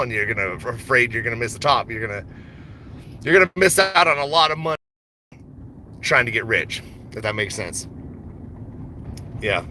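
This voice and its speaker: A man's voice: medium pitch, animated, brisk, pauses often, noisy background. A man talking casually on a stock market livestream, rambling and slangy, with frequent laughs. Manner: rambling, laid-back, slangy, laughs often.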